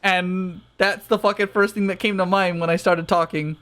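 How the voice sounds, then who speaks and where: A man giving casual gameplay commentary, animated and joking, swearing freely. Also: high-pitched, moderate pace, clean tone. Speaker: let's play streamer.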